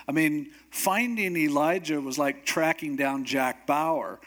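A man's voice: fairly high pitch, unhurried, few pauses. A man preaching a sermon as a pastor, telling a story with humor and acting out the characters' voices. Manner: animated, acts out voices of characters; humorous asides.

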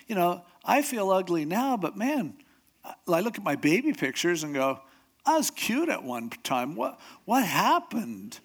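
A man's voice: fairly high pitch, sing-song, unhurried. A man preaching a conversational sermon, acting out quoted voices as he explains a psalm. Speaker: pastor.

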